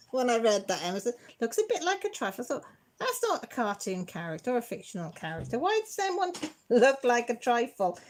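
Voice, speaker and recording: Chatty British woman hosting a live chat. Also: a little high. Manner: chatty, reads viewer comments aloud; playful and easily excited. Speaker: livestream host. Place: at home.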